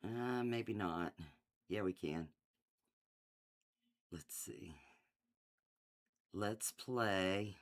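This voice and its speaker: A woman's voice: a bass voice, drawn-out words. A middle-aged woman hosting a live quilt shop sale in her shop, chatty and enthusiastic, laughing often and reading out item numbers. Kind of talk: casual live-stream sales chat.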